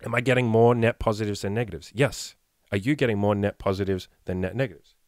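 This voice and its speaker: A man's voice: lowish voice, fairly even intonation, quick pace, a little mellow, no room sound, clean studio sound. A man in his thirties, a dating coach talking bluntly and profanely on a casual podcast, with emphatic rhetorical questions. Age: 30s.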